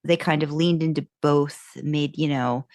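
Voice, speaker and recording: Rambling and upbeat, this fan podcast co-host keeps restarting her sentences as she chats casually. Her voice sits low and sounds darkish and steady, moving at a moderate pace. The sound is dry and cleanly studio-recorded.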